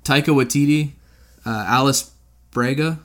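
A man's voice: medium pitch, unhurried. A man co-hosting a casual podcast chat, laid-back, laughing often and swearing offhandedly. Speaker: podcast co-host.

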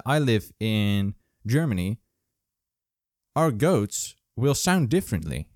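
A man hosting his own casual video, joking and rambling through animal facts in a playful, animated way. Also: medium pitch, no room sound, clean studio sound. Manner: playful, jokey, animated, full of asides. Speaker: vlog host. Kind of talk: casual comedic fact-sharing monologue. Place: Germany.

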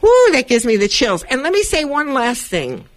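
Woman, community radio host, animated, encouraging, chatty monologue from the studio. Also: sits high, moderate pace. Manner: animated, self-affirming, chatty with listeners.

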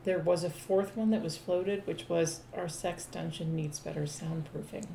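Woman co-host, lower register, blunt and sweary, recorded in an echoey room. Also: fairly even intonation, moderate pace, creaky, dark tone, slight background noise. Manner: blunt, opinionated, swears freely. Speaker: podcast co-host. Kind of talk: casual chat.

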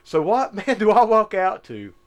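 A man tells a rowdy story in casual chat. His voice sits high and leaps up and down freely. He breaks into laughter often and swears without thinking twice. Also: very animated, moderate pace, a crowd in the background. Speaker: podcast co-host.

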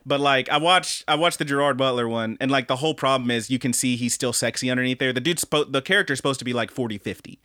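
A young man co-hosting a casual podcast, animated and profane, who acts out quoted lines in high, mocking voices. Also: quick pace, hardly any pauses, no room sound, studio quality. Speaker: podcast co-host.

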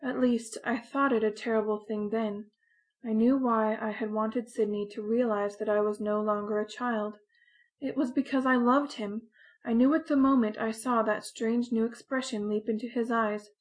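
A woman reads a first-person audiobook story in a fairly high voice. Her delivery is earnest and expressive, like someone confiding in a diary. It is steady storytelling throughout. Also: normal speed. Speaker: audiobook narrator.

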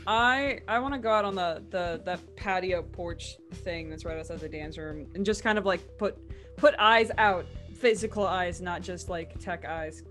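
A woman's voice: lowish voice, moderate pace, fairly bright tone, faint music behind. A woman playing a tabletop role-playing game, talking in a rambling, playful way. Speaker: player. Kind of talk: casual tabletop game talk.

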